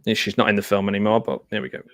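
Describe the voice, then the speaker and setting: Male host, lowish voice, dead-dry close mic, chatty sardonic movie commentary. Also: monotone, very fast, a bit bright, dry recording. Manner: chatty, sardonic asides with frequent filler ums. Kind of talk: casual live movie commentary. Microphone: close mic in front of a green screen.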